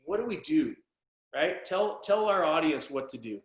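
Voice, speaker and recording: A man hosting a podcast, asking questions and telling stories in a chummy, animated, casual way. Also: fairly high pitch, moderate pace. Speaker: podcast host. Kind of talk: casual interview chat. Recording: roomy echo.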